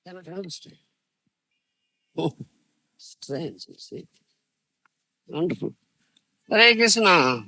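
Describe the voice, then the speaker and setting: A man's voice: a little high, slow, gravelly, long pauses, sharp tone. A man giving a devotional lecture, emphatic and repetitive, often asking listeners whether they understand. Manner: emphatic, repeats phrases, asks "you understand?", laughs. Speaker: spiritual teacher.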